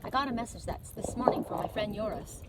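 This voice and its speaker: A woman giving an oracle card reading by a lake, talking gently and wandering into chatty asides. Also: fairly high pitch, lively intonation, quick pace, very noisy. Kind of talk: outdoor card reading vlog. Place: outdoors by a lake. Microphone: phone camera.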